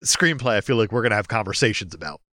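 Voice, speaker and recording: A man's voice: fairly low pitch, lively intonation, very fast, sharp tone, no echo, studio quality. A man co-hosting a podcast, chatting casually about a film, musing and trailing off mid-thought. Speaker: podcast co-host.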